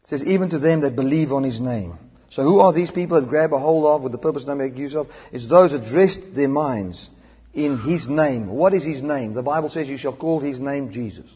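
Male preacher, husky voice, emphatic then hushed, church hall with long reverb, muffled sound. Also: fairly quick. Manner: swings between loud emphatic declarations and low quiet asides. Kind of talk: sermon.

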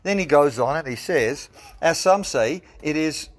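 South African man preaching, higher voice. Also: animated. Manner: reasoning step by step, slows to stress scripture. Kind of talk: sermon. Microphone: phone recording.

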